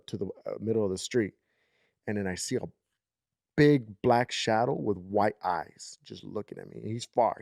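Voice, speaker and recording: A man in his thirties tells a long story on a podcast, rambling and checking in with his listener. His voice sits on the low side. The recording is dry and close. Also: darkish tone, no echo. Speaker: podcast co-host. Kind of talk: casual storytelling chat.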